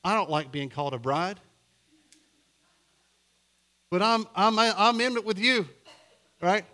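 A middle-aged male pastor preaching a sermon, telling a story with a voice that goes from hushed and low to loud and emphatic. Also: normal speed.

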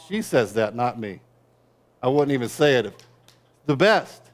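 A middle-aged man preaching a sermon as pastor, with wry conversational asides, dropping to quiet low passages and building to loud, driving peaks. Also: very animated, unhurried, long pauses.

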